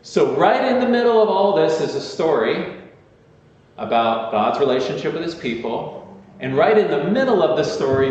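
A man's voice: medium pitch, darkish tone. A man preaches in a conversational, earnest way, leaning on repeated phrases for emphasis. His voice rings through a very echoey church hall with a long reverb tail. The sound is slightly dull, with faint noise behind him. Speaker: pastor. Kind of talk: sermon.

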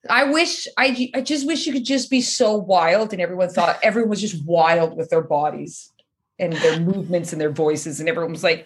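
A woman co-hosting a podcast, telling lively stories in casual chat, acting out quoted voices and laughing often. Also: fairly low pitch, brisk. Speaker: podcast co-host.

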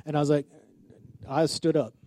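High-voiced preaching man, dry sound. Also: level tone, normal speed, mellow, dry recording. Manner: storytelling with acted-out quotes, call-and-response. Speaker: pastor. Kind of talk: sermon.

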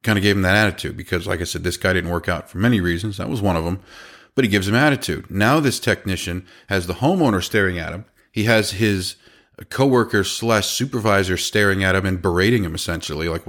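Brief: lowish man in his thirties, casual animated storyteller, quotes people as he goes. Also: fast. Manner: animated, quotes people in their own voices. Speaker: business owner telling a story.

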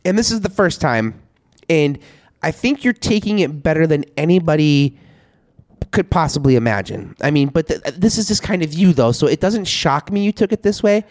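A man's voice: on the high side, lively intonation, moderate pace, darkish tone, no echo, clean studio sound. A man hosting a casual chat, asking blunt, curious questions and swearing freely. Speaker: host.

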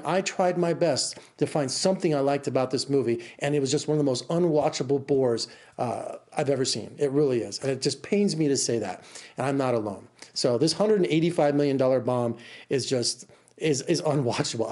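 A man's voice: medium pitch, fairly quick, a little mellow. A middle-aged man reviewing a film in a casual, rambling way, exasperated and full of restarts. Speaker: film critic. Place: Las Vegas.

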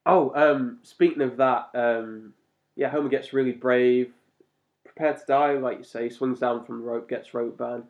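A talkative man co-hosting a podcast, breaking into laughs and sudden animated bursts as he chats. His voice sits at a middling pitch. The recording is slightly muffled and lo-fi. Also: measured pace. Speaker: podcast co-host. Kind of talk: casual chat reviewing a cartoon episode.

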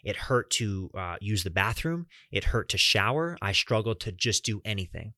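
Young man, podcast host, lower voice, earnest personal storytelling, dry booth sound. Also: lively intonation, normal speed, pushed and bright, no room sound. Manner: earnest, talks straight to listeners as "guys"; swears casually.

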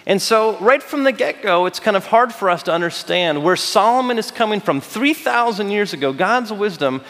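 A man preaching a sermon, telling a personal story with lively acted-out quotes. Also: a little high, big-room sound. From United States. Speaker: pastor.

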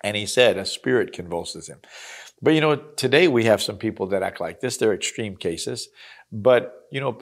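A man's voice: on the low side, expressive, moderate pace. A man reading scripture aloud and explaining it in an earnest, conversational teaching style. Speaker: Bible teacher.

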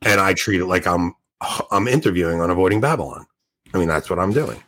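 A man co-hosting a podcast, telling excitable stories in casual chat, acting out his conversations and laughing often. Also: sits low, quick pace. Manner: excitable storyteller, acts out dialogue, laughs often. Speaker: podcast co-host.

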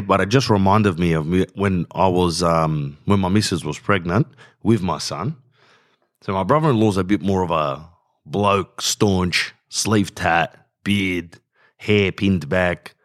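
A man's voice: on the low side, a bit bright. A man hosting a podcast, rambling casually in slang and saying bro a lot. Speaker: podcast host. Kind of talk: casual rambling monologue with ad read.

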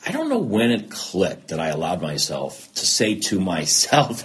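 A man's voice: sits low, moderate pace, hardly any pauses. A middle-aged man, a TV news anchor speaking candidly as an interview guest and acting out both sides of old conversations. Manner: animated, acts out both sides of quoted dialogue. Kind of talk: candid personal storytelling.

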